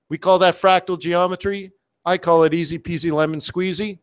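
Man, forex coach, live trading commentary, excitable, playful slang, fairly high-pitched. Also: normal speed, clean tone. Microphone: webcam setup.

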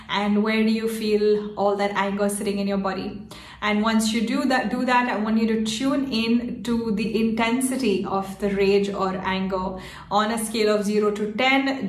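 A woman leading a guided tapping exercise, calmly walking listeners through tapping points and affirmations to repeat. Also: mid-range voice, roomy sound. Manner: slow, calm, guiding scripted affirmations to repeat. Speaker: EFT tapping practitioner.

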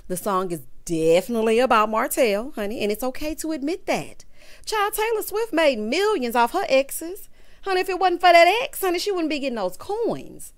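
Sassy, lively woman vlogger. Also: sits high, normal speed. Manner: animated, calls listeners honey and child. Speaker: reality TV recap vlogger. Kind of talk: sassy casual commentary.

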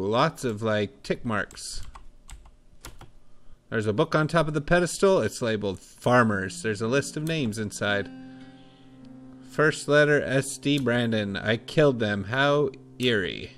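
A man talks his way through a game at a slow, easy pace, musing and thinking aloud as he explores. Faint music and tapping keys sit behind his voice. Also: medium pitch, fairly bright tone. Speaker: let's play host. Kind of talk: casual game commentary.

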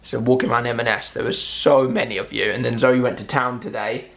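A man's voice: mid-range voice, fairly even intonation, fairly quick, vocal fry, fairly bright tone. A young man in his twenties with a lisp from dental braces, chatting casually to camera in a rambling, friendly way. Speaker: vlogger. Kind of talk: casual vlog chat to camera.

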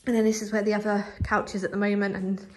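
A woman's voice: medium pitch, little pitch movement, quick pace, a little mellow. Chatty, slightly breathless woman. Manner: chatty, lots of fillers. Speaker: vlogger. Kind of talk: casual house tour. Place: house, indoors.

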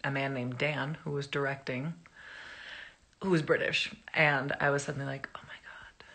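Low voiced woman on a phone live stream, bright tone, chatty, laughs a lot. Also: steady tone, normal speed, creaky. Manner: chatty, rambling, laughs and puts on voices for anecdotes. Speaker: actress answering fans on a live stream. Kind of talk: casual live-stream chat.

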